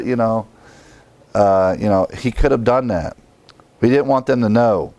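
A man's voice: lowish voice, expressive, unhurried, pauses often, warm tone, dry recording. A man preaching a sermon as pastor, in a conversational way, acting out the lines of the people he quotes.

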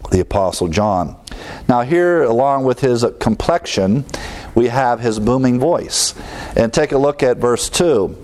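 A man preaching an expository sermon, talking to the congregation in a conversational way and swelling louder on key words. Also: medium pitch. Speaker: pastor.

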